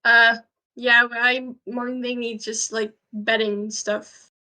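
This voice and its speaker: A woman's voice: fairly high pitch, little pitch movement, slow, sharp tone. A woman chatting casually as a player in a tabletop game, giggling often and filling with "like". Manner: giggly, many likes. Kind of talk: casual chat.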